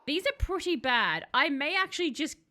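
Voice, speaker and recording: A woman streaming a game live, chatting casually, reading chat aloud and breaking into excited outbursts. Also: sits high, moderate pace.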